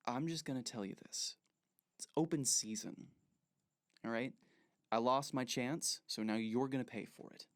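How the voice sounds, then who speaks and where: A man's voice: mid-range voice, moderate pace, long pauses, lightly acted. A man voicing a hostile teenage male school bully who sneers and accuses.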